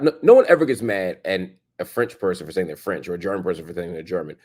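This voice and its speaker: A man's voice: sits low, very animated, fast talker, hardly any pauses, a little mellow, breathy edge. A man hosting a reaction commentary, emphatic and repeating his points for stress. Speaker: show host and commentator. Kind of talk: reaction commentary on a played clip.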